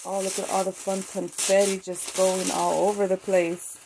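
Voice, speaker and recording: A woman vlogging as she opens craft mail at home, gushing and excitable, sometimes teary, moving closer to and away from the camera mic. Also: medium pitch, normal speed, creaky, background noise. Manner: gushing, excitable, tearful at times. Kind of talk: casual unboxing chat.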